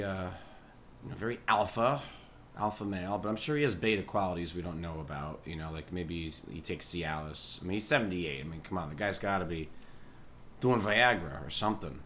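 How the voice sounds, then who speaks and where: A man hosting a podcast, rambling through a comic monologue with lots of swearing and quiet chuckles. His voice sits on the low side, and a faint hum lies under the recording. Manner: profane, meandering, chuckling asides. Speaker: podcast host and musician.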